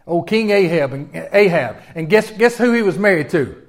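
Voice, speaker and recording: A man preaching a sermon in a folksy, animated way, often asking his listeners questions. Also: sits high, normal speed. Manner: folksy and animated, with repeated restarts and audience questions. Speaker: pastor.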